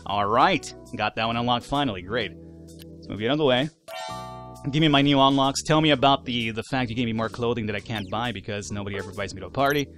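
A man giving casual, animated let's-play commentary, swearing, laughing and talking back to the game's characters. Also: mid-range voice, fast talker, faint music behind. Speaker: gaming YouTuber.

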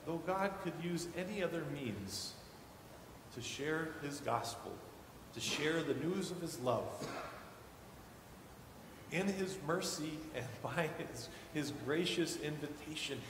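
A man in his thirties preaching a sermon as guest preacher, telling family stories with animated quoted voices. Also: a little high, slow pace, noisy background. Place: church sanctuary. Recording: echoey hall with long reverb.

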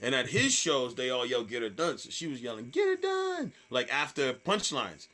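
A man, a comedian, telling stage stories in casual chat, swearing freely and acting out hecklers in loud voices. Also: mid-range voice, moderate pace. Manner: animated storyteller, acts out hecklers in loud voices. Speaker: stand-up comedian guest.

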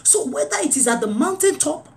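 A woman preaching a sermon with a fairly high voice. Her pitch leaps and dips all through, with loud urging phrases giving way to low, quiet lines. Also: expressive, a little fast.

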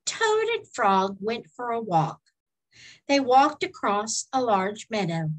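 A woman storyteller reading a children's book aloud in a slow, expressive way. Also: on the high side, low-quality recording.

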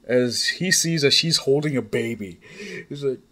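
A man's voice: mid-range voice, normal speed, bright, forceful tone. A man casually retelling a fan fiction story in a rambling, off-the-cuff way, swearing freely.

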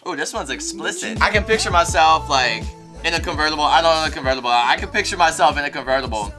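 A young man hosting radio, giving an excitable casual reaction to an album in a studio as he rates each track. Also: a little high, brisk. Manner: excitable, rates tracks in flames, laughs often. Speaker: radio host reviewing an album. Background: music playing.

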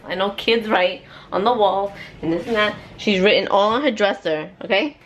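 A young woman, a mother, chatting casually to a handheld camera at home, expressive and talkative, dropping in Spanish words. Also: medium pitch, moderate pace, hardly any pauses, a little hiss or hum. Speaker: mother and family vlogger. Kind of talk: casual vlog chat to camera. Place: at home, indoors.

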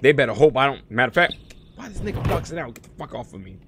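A man live-streaming a game, chatting casually and profanely with his viewers, swinging from low muttering to loud excited outbursts. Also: fast talker, background noise. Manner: slangy and profane, talks to chat by name. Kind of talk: casual live-stream chat while gaming.

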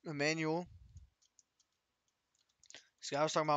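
A man's voice: a little high, normal speed, creaky, a bit bright, no echo. A man streaming a game, chatting casually with his viewers and teasing his friends. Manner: joking, teasing banter with chat and friends.

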